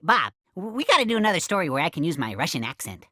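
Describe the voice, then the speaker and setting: A woman voicing a bubbly, excitable cartoon sidekick who gushes enthusiastically. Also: low voice, quick pace, dry recording, clean studio sound, heavily acted. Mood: excited. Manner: gushing, wildly bouncing delivery.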